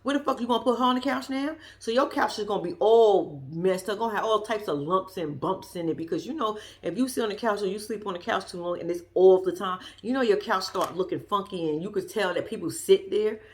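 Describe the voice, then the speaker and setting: A woman's voice: mid-range voice, fairly quick, hardly any pauses. A woman giving a sassy, profane, casual commentary as she recaps a reality show episode. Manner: blunt, profane, sassy storytelling.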